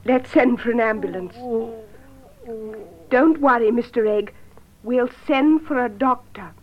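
An actress playing an anxious young woman, speaking clearly and slowly for learners, on a dull lo-fi tape. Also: a little high, close to an everyday voice. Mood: tense. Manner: clear, slow learner-friendly delivery.

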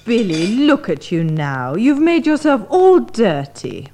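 A woman's voice: fairly high pitch, big pitch swings, takes it slowly, noisy background, exaggerated voice. An actress voicing a proud, chatty mother in a comic sketch for language learners.

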